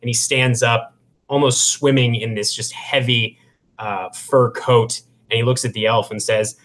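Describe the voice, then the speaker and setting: A man's voice: medium pitch, steady tone, normal speed, fairly bright tone. A man playing a tabletop game, describing his character's actions hesitantly and with fillers. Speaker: player.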